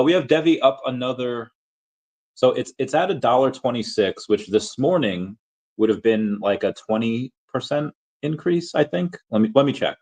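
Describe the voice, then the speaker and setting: Podcast host guy, lowish voice, chatty and rambly, keeps correcting himself. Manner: rambling, self-correcting, upbeat. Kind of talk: casual solo market update.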